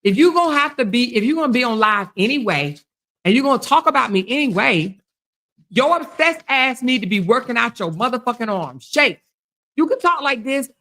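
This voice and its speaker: A middle-aged woman hosting a livestream, trash-talking with loud profanity and taunts while she exercises her arms. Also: a little high, expressive, a little fast. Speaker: livestream commentary host.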